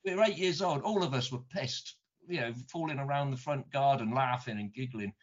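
A man's voice: medium pitch, a little fast. A middle-aged man with a British accent, winding through stories in easygoing conversation, stumbling over repeated words. The recording is dull and lo-fi, with a muffled top end. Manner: rambling, repeats words, mild swearing. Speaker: guest. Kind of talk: casual anecdote telling.

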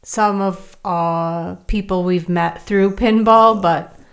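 A woman's voice: lowish voice, fairly even intonation, slow pace. A woman co-hosting a casual podcast, giving dry, brief replies. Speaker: podcast co-host. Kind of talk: casual chat.

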